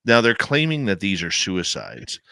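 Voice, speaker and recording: Man, radio host, low bright voice, dry close sound, conversational. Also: huge pitch swings, normal speed, creaky, clear, resonant tone, dry recording. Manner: upbeat promo delivery, conversational. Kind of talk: talk radio hosting.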